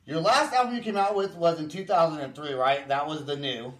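A man hosting a podcast interview, excitable and rambling, laughing often as he talks. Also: on the high side, fairly quick. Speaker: podcast host. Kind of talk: casual interview chat. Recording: roomy echo.

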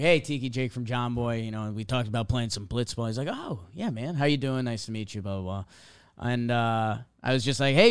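This young podcast host has a clear, resonant, mid-range voice as he tells a casual story. His delivery is animated, with little quotes acted out throughout.

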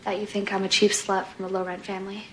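An actress playing a teasing seductress. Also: female voice, little pitch movement, fast, a little hiss or hum, natural voice. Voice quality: teasing, low-key seductive. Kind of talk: film dialogue.

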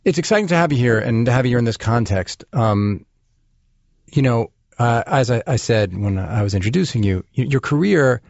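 A man's voice: mid-range voice, animated, moderate pace, gravelly, darkish tone, no echo, highs cut off. A man hosting a podcast interview, talking earnestly with many fillers and restarts. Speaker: podcast host. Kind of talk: casual interview chat.

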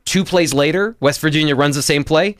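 A man's voice: on the high side, a little fast, no room sound, clean studio sound. A man co-hosting a sports talk show, breaking down football tactics in casual chat with frequent restarts. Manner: analytical, frequent restarts and fillers. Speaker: football analyst co-host.

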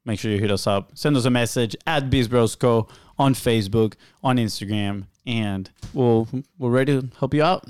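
A man's voice: mid-range voice, normal speed, few pauses, darkish tone, smooth, no room sound. A man co-hosts a business podcast in a casual, joking way. He leans on fillers and keeps checking in with "right?". His voice sits close and dry, with no room sound. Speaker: podcast co-host.

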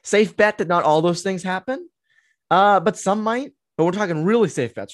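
A man's voice: sits high, lively intonation, normal speed, no room sound, studio quality. A man in his twenties hosting a solo sports podcast, talking casually and opinionatedly with many fillers as he answers listener questions. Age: 20s. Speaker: podcast host.

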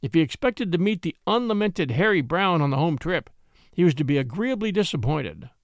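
Male storyteller, fairly high voice, expressive reading, dry studio sound. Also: creaky, no room sound. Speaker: narrator. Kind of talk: scripted storybook narration.

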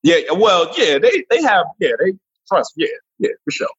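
A man, a comedian guest, chatting casually and profanely in an animated interview. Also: sits high, moderate pace, breathy edge. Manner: animated, profane, jumps into voices. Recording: dull lo-fi remote line.

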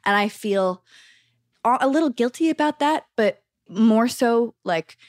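Brief: twenties woman, lively storyteller, heavy "like", curses freely, dry room. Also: a little high, a little slow, no room sound. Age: 20s. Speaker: podcast guest. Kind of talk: casual chat.

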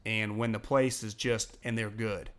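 Sports talk co-host: man, bright forward tone, loose and profane, meanders through his thoughts. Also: lowish voice, level tone, measured pace. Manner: rambling, profane, laughs often. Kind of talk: casual sports chat.

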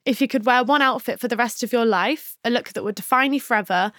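A woman's voice: a little high, fast, fairly bright tone, no echo, studio quality. Enthusiastic woman hosting a podcast. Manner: enthusiastic, laughs often. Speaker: podcast host. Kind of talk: interview hosting.

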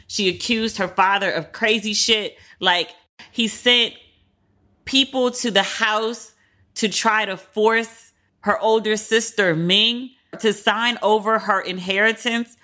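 A woman hosting a podcast, casually retelling celebrity drama in a candid, profane, animated way. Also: medium pitch, takes it slowly. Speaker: podcast host. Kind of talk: casual celebrity gossip commentary.

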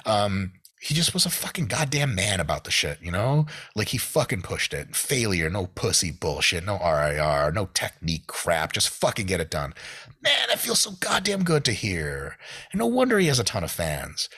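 A deep-voiced man talks on a podcast, his husky voice leaping up and down as he rants. He swears freely and piles up his points with restless energy. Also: moderate pace, few pauses. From United States. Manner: animated, profane ranting. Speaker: podcast guest. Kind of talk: casual podcast chat.

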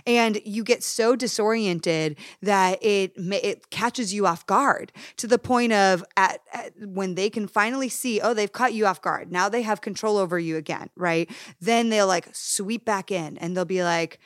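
A woman hosting a podcast who chats casually in an expressive, relatable, animated way. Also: mid-range voice, measured pace, hardly any pauses, no room sound, studio quality. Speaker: podcast host. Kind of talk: casual chat.

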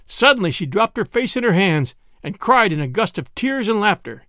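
Lively, high-voiced male storyteller. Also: normal speed, few pauses, no room sound, clean studio sound. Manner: expressive storytelling, lively delivery. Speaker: narrator. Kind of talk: audiobook reading of a classic story.

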